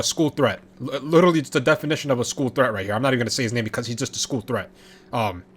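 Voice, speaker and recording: Fired-up man ranting about trades. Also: medium pitch. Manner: excitable, profane, rambling with frequent restarts. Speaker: sports reaction vlogger. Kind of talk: casual reaction commentary.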